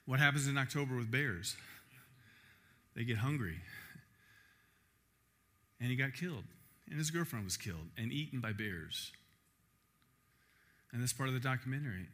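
A man preaching a sermon at a camp, emphatic and animated, asking the listeners rhetorical questions. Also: mid-range voice, moderate pace, pauses often.

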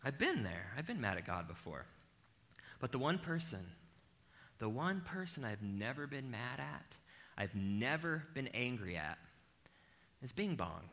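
A man's voice: mid-range voice, measured pace, pauses often. A man preaching an evening sermon in a casual, humorous, self-deprecating way, talking straight to his listeners. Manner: animated, self-deprecating, addresses the crowd directly.

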